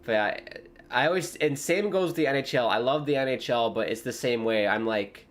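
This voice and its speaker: A young man from the United States hosting a live football watchalong, chatting casually and joking, with sudden excited shouts. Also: medium pitch, brisk. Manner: rambling, jokey, breaks into excited shouts. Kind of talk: casual live commentary and chat.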